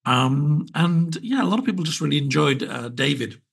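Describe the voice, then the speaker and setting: A man's voice: a little high, expressive, normal speed, creaky, slightly rough. A British man hosting his podcast alone, chatting in a wry, rambling way full of small asides. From Britain. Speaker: podcast host. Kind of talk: casual solo podcast chat.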